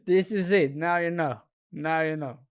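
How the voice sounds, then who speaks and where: A man's voice: fairly high pitch, a little slow, clean tone. A man hosting a podcast in casual chat, laughing often and leaning on "you know" as he talks. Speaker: podcast host.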